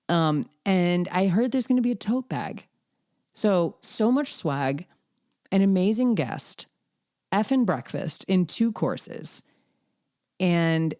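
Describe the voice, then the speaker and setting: A woman podcast host talking casually and excitedly, rambling a little as she promotes an event. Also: fairly low pitch, no echo, clean studio sound.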